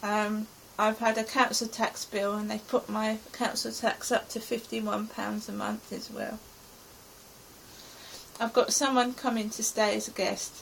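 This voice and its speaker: This English vlogger, middle-aged, retells her day in an anxious, rambling present tense, diary-style. She speaks at a measured pace in a slightly high, creaky voice with little pitch movement, on a rough recording with slight background noise.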